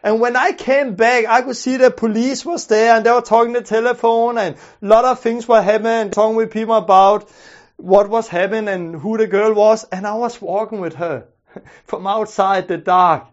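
Earnest high-voiced man telling a story. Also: fairly even intonation. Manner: earnest, halting, with many restarts and repeated words. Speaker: preacher telling a testimony. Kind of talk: storytelling testimony. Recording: muffled lo-fi recording.

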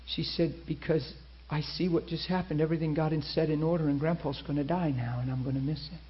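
A man's voice: fairly high pitch, steady tone, quick pace, dull audio, slight background noise. A man preaching a sermon, telling a story and acting out the people in it.

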